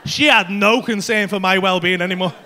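High, bright-voiced stand-up comedian. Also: male voice, a little fast, slight background noise. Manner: animated, crude storytelling with shouted bursts. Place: comedy club stage.

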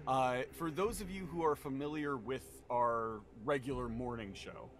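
A man's voice: mid-range voice, unhurried, a little hiss or hum. A man running a tabletop game on a live stream, narrating in a rambling way with many fillers. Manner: rambling, full of fillers, laughs often. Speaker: game master. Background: music.

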